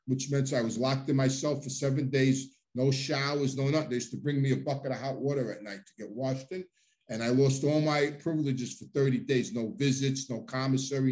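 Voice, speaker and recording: A man's voice: mid-range voice, darkish tone. A middle-aged man telling his own life story in a loose, rambling way, full of restarts and plain street talk. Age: middle-aged or older. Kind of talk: casual storytelling monologue.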